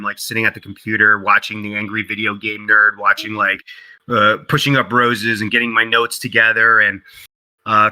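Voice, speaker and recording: A man being interviewed as a guest, telling a casual story in an animated way, acting out quoted dialogue, with many fillers and restarts. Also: fairly low pitch, low-quality recording. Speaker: interview guest, game company co-founder.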